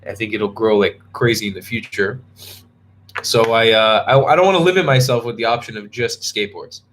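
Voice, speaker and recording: A man's voice: fairly low pitch, brisk, fairly bright tone, a little hiss or hum. A tired young man casually chatting on a live stream, rambling and restarting as he answers viewer comments. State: tired and yawning. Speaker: travel vlogger answering live chat.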